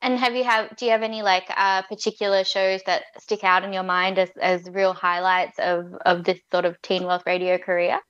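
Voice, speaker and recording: Fast-chatting woman co-host, dry lo-fi sound. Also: fairly low pitch, flat delivery, fairly bright tone, clean tone, dry recording. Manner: fast, gushing talker. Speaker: co-host, interviewer. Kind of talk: casual interview chat.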